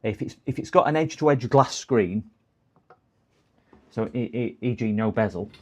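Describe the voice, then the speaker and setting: A man's voice: fairly low pitch, expressive, normal speed, warm tone, lo-fi sound. Chatty man narrating a repair stream. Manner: chatty, joking, self-deprecating, talks to viewers. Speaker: laptop repair technician streaming live. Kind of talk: livestream repair commentary.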